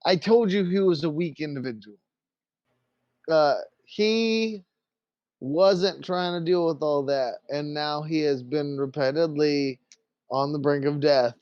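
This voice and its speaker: A man's voice: a little high, no echo, highs cut off. A man narrating a tabletop game as game master, telling the scene in a crude, joking way. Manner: crude, laughing, drawn-out storytelling.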